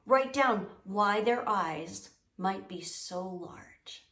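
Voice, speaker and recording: A woman giving a lively, playful wildlife lesson to a classroom. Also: medium pitch, slow pace. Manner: animated, playful, teasing. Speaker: wildlife educator. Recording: echoey room, mic at a distance.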